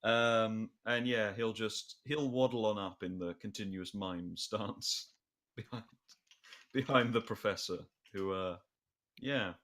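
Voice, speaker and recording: A man runs a tabletop role-playing session as game master, his voice sitting a little low but bright in tone. He narrates haltingly, with many fillers and chuckling asides.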